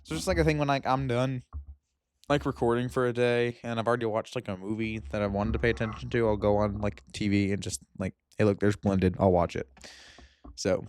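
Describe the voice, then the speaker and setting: A man's voice: medium pitch, steady tone, fast talker, clear, resonant tone. A young man in casual chat about movies, rambling and laughing, often breaking off mid-sentence. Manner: rambling, laughing, self-interrupting. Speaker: movie review youtuber.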